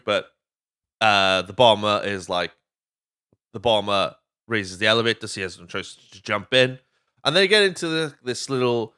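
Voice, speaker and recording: Hosting a podcast, a man from Wales gives a loose, casual recap of a movie, cursing freely and performing lines from it. His pitch is fairly low, and his voice is bright, forceful and smooth.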